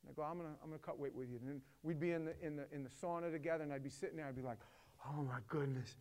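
A middle-aged man telling a story to a co-host with passion, swinging between loud emphatic bursts and hushed, quiet stretches. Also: fairly high pitch, steady tone, racing.

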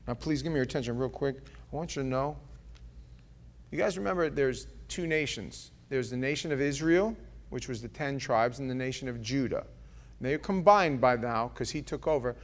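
A man preaching a sermon as pastor, earnest and pleading, dropping from loud passages to hushed ones. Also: mid-range voice, moderate pace.

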